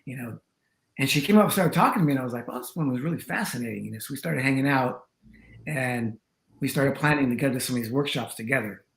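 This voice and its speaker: Tantra teacher, male, middle pitch, rambling storyteller, roomy echoey room. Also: quick pace, fairly bright tone. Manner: chatty and rambling, full of "you know" and acted-out quotes. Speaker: tantra teacher, interview guest. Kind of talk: storytelling in a conversation. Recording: roomy echo.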